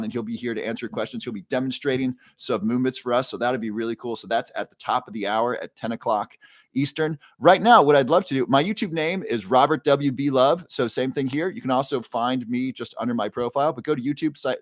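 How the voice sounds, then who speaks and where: A brisk, medium-pitched male livestream host happily greets viewers by name and reads their comments out loud, leaning on frequent fillers in this casual chat. Recorded dry on a new microphone, it has studio quality.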